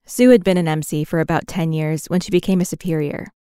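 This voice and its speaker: A woman reads documentary narration in a measured, even manner. Her voice is smooth and resonant and sits fairly low. The recording is dry and close. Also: no echo.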